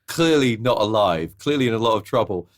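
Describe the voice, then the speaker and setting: A man's voice: fairly low pitch, lively intonation, brisk. A man co-hosting a film podcast in casual chat, retelling movie scenes. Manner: recounts scenes with exaggerated character impressions. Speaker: podcast co-host.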